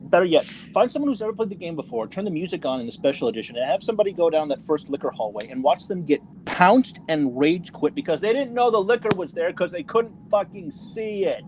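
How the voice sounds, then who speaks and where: A man's voice: high-pitched, animated, fast talker, few pauses, darkish tone, slight background noise. A young man ranting heatedly about video games on a casual podcast, stumbling and restarting his sentences. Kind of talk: casual gaming podcast chat.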